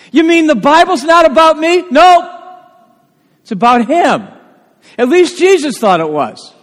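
A male pastor preaching a sermon, animated and full of rhetorical questions. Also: very high-pitched. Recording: long reverb of a church hall.

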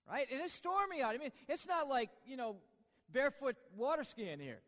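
A man preaching a sermon in a church, swinging from hushed lines to booming ones with joking asides. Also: big pitch swings, normal speed, long reverb tail. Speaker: pastor.

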